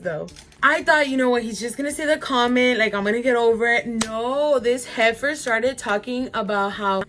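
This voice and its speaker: A vlogger in her twenties with a mid-range, fairly bright voice chats to viewers in a laid-back storytime video. She addresses them directly and leans heavily on "like" as filler.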